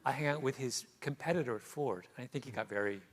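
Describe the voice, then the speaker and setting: A man's voice: medium pitch, fast talker. A middle-aged man, an author, telling stories with animation in an onstage conversation in a theater, laughing often. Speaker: author guest. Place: theater stage before an audience.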